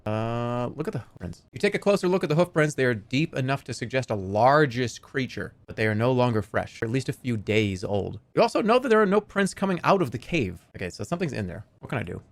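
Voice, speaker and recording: A man's voice: medium pitch, quick pace, few pauses, no room sound. A man in his forties streaming a text game, reading its prose aloud dramatically and joking between passages. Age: 40s. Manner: animated, jokey, dramatic read-aloud.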